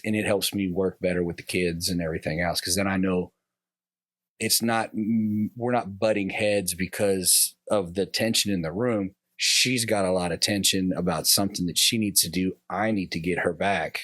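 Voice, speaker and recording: A man with a very deep voice, talking as a guest in a loose, rambling way and playing out remembered exchanges from home. The sound is dry and close-miked. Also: fairly even intonation, moderate pace, a bit bright, dry recording. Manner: rambling, acts out remembered dialogue with his wife. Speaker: podcast guest. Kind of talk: casual conversation, personal reflection.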